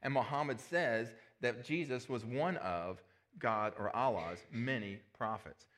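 A man's voice: mid-range voice, measured pace, a bit bright. A man preaching a sermon as pastor, conversational, with asides and rhetorical questions.

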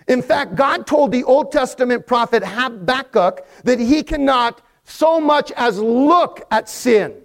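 High-voiced preacher man, slow and emphatic. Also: expressive. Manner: preaching with rising, emphatic crescendos and congregation call-and-response. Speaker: pastor. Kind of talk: sermon.

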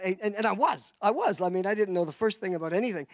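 A man's voice: high voice, quick pace, dry recording. A man from Canada, giving a rambling testimony sermon full of restarts and acted-out voices.

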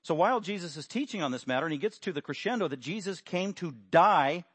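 A man delivers an animated sermon, rising to loud emphatic peaks and then dropping low. His voice sits a little high. The recording is dry, with no room sound. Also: fast talker, husky, no room sound. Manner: acts out quotes with raised voice. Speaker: preacher.

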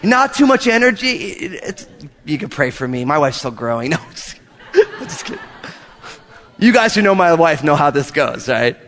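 A male pastor preaching a sermon in a church, an animated storyteller who jokes with his congregation. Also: on the high side, moderate pace, pauses often, long reverb tail. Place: church hall.

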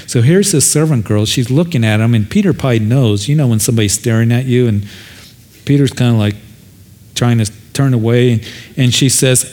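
A man's voice: medium pitch, brisk, a little mellow. A male pastor preaching a sermon, retelling scripture dramatically and repeating his key points for emphasis.

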